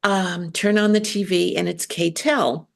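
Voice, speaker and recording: A woman's voice: lowish voice, steady tone, slow pace, gravelly. An older woman hosting a casual chat, telling stories in a chatty way. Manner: chatty, storytelling.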